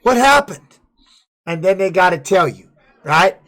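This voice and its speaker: High-voiced man telling a profane story. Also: measured pace. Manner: profane, animated retelling. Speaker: streamer and former fighter. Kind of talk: casual storytelling on a live stream.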